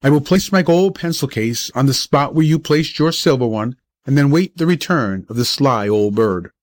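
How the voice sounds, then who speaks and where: A man's voice: medium pitch, expressive, normal speed, dry recording, natural voice. A man voicing a proud, middle-aged father who speaks in formal, old-fashioned phrases in a storybook reading. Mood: pleased.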